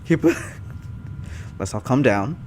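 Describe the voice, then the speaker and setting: A man doing a comic read-through of fan fiction, animated and often breaking off to laugh and comment. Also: medium pitch, slow, slight background noise. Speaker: YouTuber reading fan fiction. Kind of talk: comic reading with live reactions.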